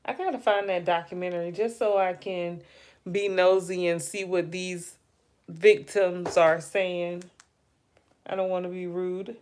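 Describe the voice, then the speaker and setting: A woman's voice: lowish voice, steady tone, unhurried, darkish tone. A woman hosting a casual livestream, chatting about celebrity news, musing aloud and addressing her viewers directly. She keeps yawning and sounds tired. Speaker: livestream host. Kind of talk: casual live gossip commentary.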